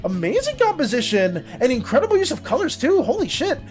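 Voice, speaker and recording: Woman streamer, high-ish and very lively voice, chatty casual delivery over background music. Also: a little fast. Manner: animated, chatty, greets and thanks viewers. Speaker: artist streamer. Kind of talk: casual live-stream chat.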